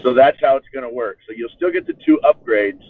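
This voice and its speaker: A man on a live Q&A calmly explaining a game rule step by step. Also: mid-range voice, a little fast, no room sound. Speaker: panelist. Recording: tinny phone-like call audio.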